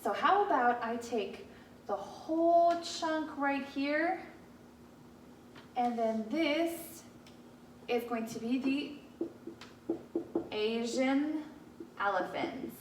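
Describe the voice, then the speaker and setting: This recorded classroom lesson features a first grade teacher with a high, animated voice who goes very slowly and pauses often, against a noisy background. She patiently explains math to young kids with many fillers, in an echoey whiteboard home room.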